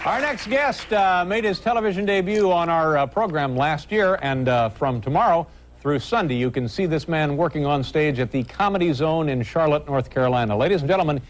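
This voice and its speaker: A man hosting a talk show introduces the next guest in a television studio, pausing often on "uh". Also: a little high, animated, a faint crowd, slight background noise. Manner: halting, with frequent "uh".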